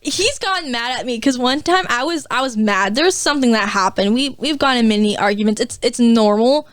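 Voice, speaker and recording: A woman's voice: on the high side, lively intonation, no room sound. A young woman telling stories in casual chat, stammering now and then and acting out what people said. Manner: quick storytelling, stammers, giggly, acts out quotes.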